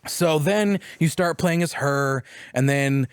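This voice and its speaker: A man's voice: on the high side, slow, smooth, no room sound, clean studio sound. A young man on a podcast, casually recapping a story, swearing and acting out other people's lines. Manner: animated, profane storytelling recap; acts out quotes in put-on voices. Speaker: podcast co-host.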